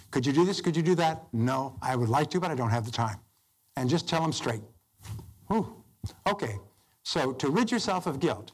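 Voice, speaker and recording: A man's voice: medium pitch, breathy edge. An older man giving a self-help course lecture, emphatic and acting out quoted dialogue. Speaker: motivational speaker.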